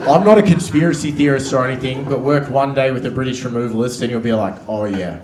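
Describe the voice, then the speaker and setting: A man's voice: mid-range voice, steady tone, fast. A man doing stand-up comedy with dry, sarcastic storytelling. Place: comedy club stage. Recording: echoey club, distant mic, noise.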